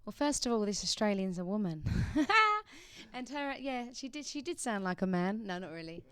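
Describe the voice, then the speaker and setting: A woman's voice: mid-range voice, lively intonation, normal speed, smooth. A young woman from England, a singer guest in a radio studio, chatting casually and laughing often.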